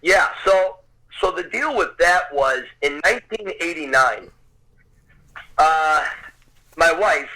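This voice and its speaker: Bright, lively male storyteller. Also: on the high side, slow, pauses often, low-quality recording. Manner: vivid storyteller, swears casually. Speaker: podcast guest. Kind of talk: animated anecdote telling.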